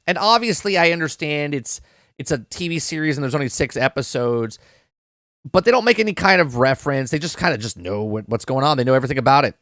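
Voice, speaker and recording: Man, casual podcast host, rambling review, fairly high voice, dry close sound. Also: lively intonation, quick pace, fairly bright tone, dry recording. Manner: rambling, repeats words and restarts, asks "right?". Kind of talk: casual live-stream review.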